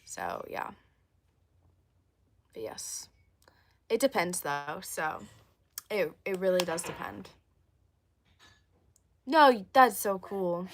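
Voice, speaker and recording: A young woman in casual livestream chat, rambling from one thought to the next while she answers viewers. Her voice sits a little low and is wearing thin, as though she is losing it. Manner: chatty, rambling, reads and answers viewer comments.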